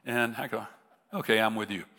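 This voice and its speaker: With a fairly low, creaky voice that sounds pushed and bright, a middle-aged visiting preacher from the US tells a funny story in his sermon at a brisk clip. He talks casually with many restarts, and the hall is reverberant.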